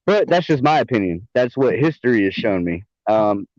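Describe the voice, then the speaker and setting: A man's voice: medium pitch, big pitch swings, normal speed, darkish tone, no echo. Southern guy, casual profane chat, dry muffled online mic. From American South. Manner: laid-back, profane, laughs often.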